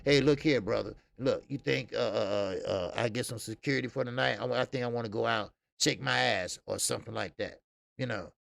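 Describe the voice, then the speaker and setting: A man's voice: mid-range voice, a little fast, creaky, a bit bright, dry recording. A middle-aged man hosting a boxing show in loose, profane, joking casual chat, full of filler sounds. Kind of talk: casual live-stream chat.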